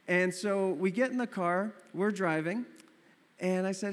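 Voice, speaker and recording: Animated male pastor in a reverberant hall. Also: high voice, moderate pace. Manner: animated storytelling, acting out his own surprise. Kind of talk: sermon.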